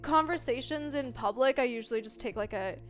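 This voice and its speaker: A young woman chatting casually on a live stream, expressive and full of filler words, jumping between loud bursts and mellow talk. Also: a little high, a little fast, faint music behind. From Italian family background.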